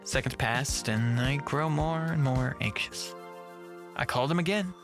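A man narrating a first-person horror story with a tense, measured reading. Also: mid-range voice, over loud music.

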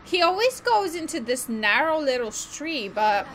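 A woman's voice: high voice, sing-song, unhurried, fairly bright tone, slight background noise. A woman gaming streamer giving casual gameplay commentary, chatty and self-mocking, always saying "literally". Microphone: desk microphone.

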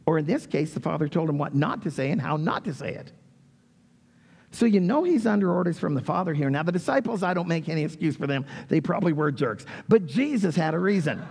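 Animated preacher with a gravelly voice. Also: male voice, fairly high pitch, fast. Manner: reads scripture, then animated retelling with raised voice for quotes. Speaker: pastor. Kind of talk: sermon. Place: church sanctuary. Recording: long church reverb.

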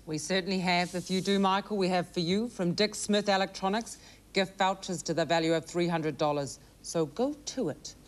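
A woman playing the chief on a game show, giving measured, formal prize announcements. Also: lowish voice.

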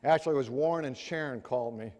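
A man's voice: mid-range voice, rapid-fire, darkish tone. A man preaching a sermon earnestly, asking the audience rhetorical questions. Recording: echoey hall reverb.

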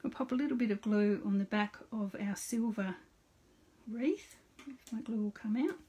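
With a somewhat high, mellow voice at a normal pace, a middle-aged woman runs a casual live card-making session, chatting to viewers by name and describing each step as she works. Slight background noise is present.

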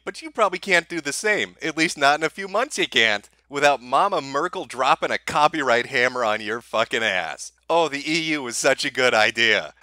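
A man's voice: medium pitch, sharp tone, no echo. A man delivering a sarcastic, profane comedic rant as an online commentator. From United States.

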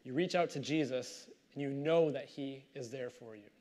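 A male pastor reading scripture aloud and commenting on it in a conversational, animated storytelling way. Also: mid-range voice, normal speed.

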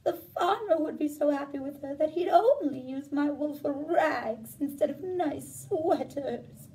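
A fretful sheep whines tearfully in a high storybook voice, as a woman puts her on. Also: unhurried, warm tone, recorded from a distance, slight background noise. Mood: whiny.

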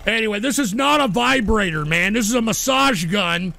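A male livestream host reading chat aloud, combative, swinging from low mutters to angry shouting. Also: animated, normal speed, gravelly.

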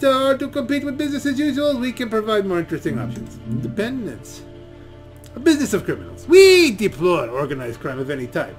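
A man voicing a smooth-talking male black-market boss in a put-on Russian accent, with sly, theatrical salesman patter over game music. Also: a little high.

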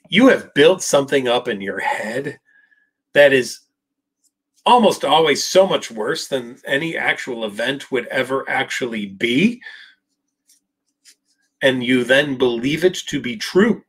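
A man's voice: mid-range voice, lively intonation, measured pace, breathy edge. A man, a psychologist, answering viewer questions on a live Q&A, speaking emphatically and addressing people directly by name. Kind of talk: live Q&A, casual talk.

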